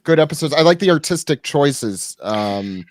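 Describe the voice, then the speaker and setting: A man's voice: on the high side, lively intonation, moderate pace, no echo, studio quality. Man agreeing briefly on a podcast. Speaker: podcast panelist. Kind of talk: casual chat about anime.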